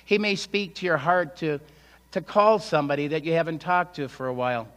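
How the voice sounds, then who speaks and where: A man's voice: on the high side, brisk, a bit bright. A man preaching a sermon as pastor. He speaks conversationally and asks the congregation rhetorical questions. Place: church sanctuary. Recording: long church hall reverb.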